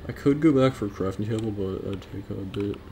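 A man gives low-pitched, mumbled live commentary while he plays a video game. He talks half to himself and coaxes the game's creatures, with faint background noise and keyboard clicks under his voice. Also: brisk, mellow. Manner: mutters to himself, coaxing and teasing game creatures. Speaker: gaming streamer.

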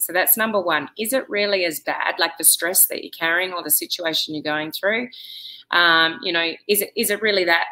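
Middle-aged woman, direct conversational vlogger, slightly low pitch, bright voice. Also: rough recording. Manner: chatty, direct, with many "you know"s. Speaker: vlogger giving life advice. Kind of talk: casual advice monologue to camera.

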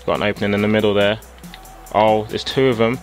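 A young man with a tired, sore-throated voice giving casual gameplay commentary that jumps into excited shouting. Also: fairly low pitch, quick pace, soft background music. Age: young adult. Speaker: gaming YouTuber.

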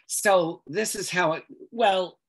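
A woman's voice: on the low side, takes it slowly. A woman calligrapher telling an anecdote during a lecture, in a chatty, meandering way with frequent ums and laughs.

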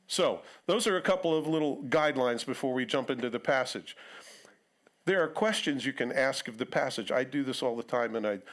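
A middle-aged man preaching in a church in a conversational tone. His voice sits at a medium pitch. He now and then acts out quotes in other voices. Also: animated, fairly quick, fairly bright tone. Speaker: pastor. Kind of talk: sermon.

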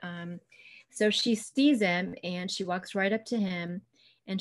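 A woman's voice: medium pitch, steady tone, measured pace. A woman author chatting on a video call, retelling her book's story in a chatty way full of "um" and "you know". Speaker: children's book author. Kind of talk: casual interview, retelling a story.

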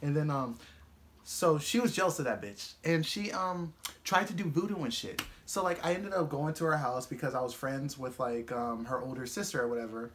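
A young man telling a casual storytime vlog, profane and animated, laughing often as he talks. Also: on the high side, normal speed, slight background noise. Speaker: vlogger.

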